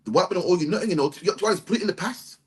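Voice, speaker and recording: A man's voice: sits high, racing, a little hiss or hum. A man leading a bible study, talking emphatically and tagging his sentences with "man". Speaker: religious teacher.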